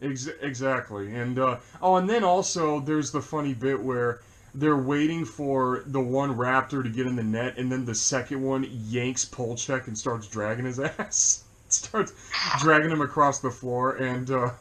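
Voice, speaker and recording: Male co-host for a casual movie chat, rambling and quick to laugh. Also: medium pitch, fairly bright tone. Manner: rambling, laughs often, many fillers.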